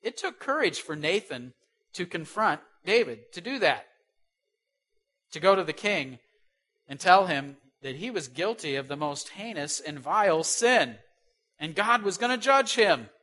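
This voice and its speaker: A man preaching a sermon who asks rhetorical questions and swings between loud stresses and soft asides. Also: high voice, very animated, a little slow.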